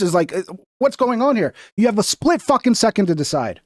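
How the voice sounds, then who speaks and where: Male streamer, high voice, dry close sound, heated, profane, mocking. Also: expressive, brisk, few pauses, no echo. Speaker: political commentary streamer. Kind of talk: heated livestream commentary.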